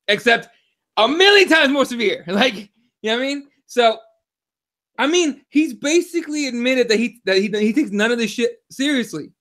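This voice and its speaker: A man co-hosting a combat sports podcast, talking in a casual, profane, excitable way and telling stories with lots of animation. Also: extremely high pitch, normal speed. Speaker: podcast co-host.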